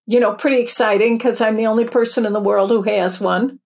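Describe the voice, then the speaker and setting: A woman's voice: on the high side, fairly even intonation, a little fast, gravelly, a little mellow. A woman in her fifties or older, a spiritual teacher and author, telling her story in an interview in an earnest, chatty way with many restarts.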